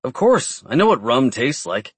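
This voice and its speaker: A man's voice: mid-range voice, sing-song, moderate pace, slightly rough, no room sound. A man voicing an earnest young male witch of twenty-one who talks in rambling runs.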